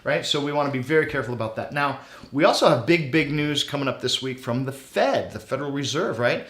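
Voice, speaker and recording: A man's voice: mid-range voice, expressive, fast talker, a bit bright, roomy sound. A man hosting a finance web show, upbeat and salesy, talking straight to viewers. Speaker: show host.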